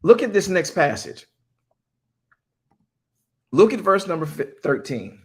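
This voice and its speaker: A man preaching a sermon, chatting and joking with his congregation in colloquial speech, then reading scripture slowly and emphatically. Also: on the high side, very animated, husky. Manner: playful, teasing banter with the congregation; reads scripture slowly and emphatically, repeating lines.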